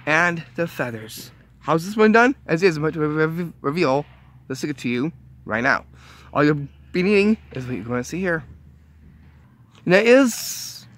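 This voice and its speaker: A man walks viewers through simple magic tricks at an unhurried pace. His voice sits a little high, and he stumbles and restarts often before reaching each upbeat reveal. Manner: chatty, halting, with fillers and restarts, upbeat reveals. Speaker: magic tutorial host. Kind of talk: casual how-to demonstration.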